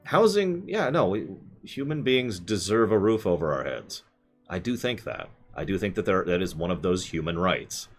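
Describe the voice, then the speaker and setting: A man's voice: low-pitched, big pitch swings, normal speed, faint music behind. A man streaming live, answering chat with rambling, self-correcting opinions.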